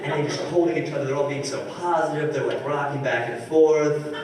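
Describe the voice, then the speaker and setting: A man in his twenties performing a stand-up comedy set, telling stories and slipping quickly into voices for the people in them. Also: a little high, steady tone, darkish tone, a little hiss or hum. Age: 20s. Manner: storytelling with quick character voices. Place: live comedy theater stage. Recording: roomy live recording from a distance. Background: audience laughter.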